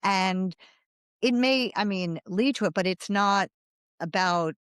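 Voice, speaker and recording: Animated storytelling woman in her fifties. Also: mid-range voice, slow pace, clear, resonant tone, no echo, clean studio sound. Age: 50s. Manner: animated, rambling anecdotes with quoted dialogue and laughter. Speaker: guest, writer. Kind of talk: casual storytelling interview.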